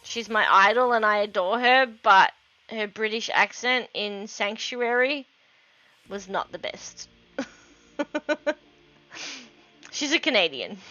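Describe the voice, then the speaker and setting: Chatty Australian woman, bright voice. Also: mid-range voice, lively intonation, slow pace, pauses often, muffled recording, soft background music. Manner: rambling, chatty, laughs often. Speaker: livestream host. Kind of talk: casual chat while painting.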